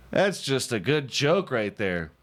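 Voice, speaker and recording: A podcast host with a mid-range, slightly bright voice trades casual comedic banter. He jokes in a profane, mocking way and laughs often.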